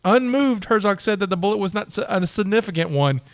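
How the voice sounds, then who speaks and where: A man's voice: high voice, lively intonation, a little fast, smooth, no echo, clean studio sound. A man co-hosting a podcast, reading out trivia with eager stumbles and laughs in casual chat. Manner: enthusiastic, reads facts aloud with stumbles and laughs. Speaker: podcast co-host.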